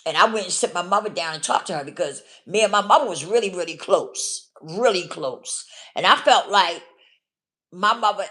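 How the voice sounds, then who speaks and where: A woman's voice: on the low side, normal speed, sharp tone. A woman telling her own story in a blunt, casual way, often checking in with the listener. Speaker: vlogger. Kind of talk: candid personal storytelling.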